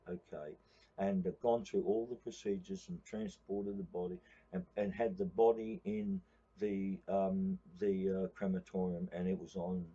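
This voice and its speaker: Older aussie bloke, low husky voice, rambling and swearing, muffled lo-fi sound. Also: male voice, mellow. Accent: Australian. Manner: rambling, profane, addresses listener as mate. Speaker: union organiser. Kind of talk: casual storytelling. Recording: dull lo-fi recording.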